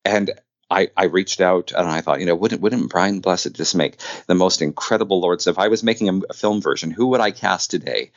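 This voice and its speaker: A man, an audio drama producer, talking as an interview guest, animated and full of stammering restarts. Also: low voice, fairly quick, no echo, dull audio. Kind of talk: conversational interview.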